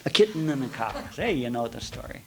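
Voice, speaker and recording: A man teaching yoga in a spiritual talk, telling folksy stories with jokes and swinging between loud and hushed. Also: mid-range voice, big pitch swings, quick pace, slight background noise, low-quality recording. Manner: folksy, storytelling with jokes and asides.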